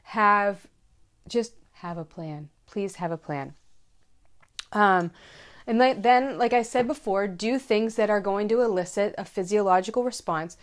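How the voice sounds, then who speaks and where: A woman's voice: medium pitch, measured pace. A woman in her thirties giving safety advice to other moms in a casual, earnest way, repeating her key points for emphasis. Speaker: mom vlogger giving safety tips. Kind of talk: casual direct-to-camera advice.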